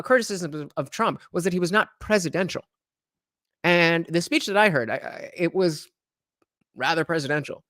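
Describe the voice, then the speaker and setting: A man's voice: high-pitched, fairly bright tone, dry recording, clean studio sound. A man hosting a reaction show, giving casual, rambling commentary with many restarts and fillers.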